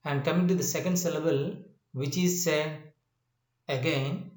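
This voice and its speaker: Man, English teacher, slightly high voice, repetitive checking questions, roomy echo. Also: fairly even intonation. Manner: slow, repetitive, often asks "do you understand?". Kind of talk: classroom-style spoken lesson.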